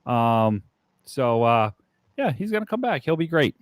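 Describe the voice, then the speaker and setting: Animated joking man, close dry mic. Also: medium pitch, unhurried, no room sound. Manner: joking, profane, switches into bits. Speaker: podcast co-host playing an injury doctor. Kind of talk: casual comedic podcast banter.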